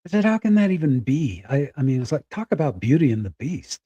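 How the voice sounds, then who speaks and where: A middle-aged man telling a personal story candidly, halting and close to tears. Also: on the high side, sing-song, mellow, breathy edge, dry recording. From Spokane, Washington. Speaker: guest.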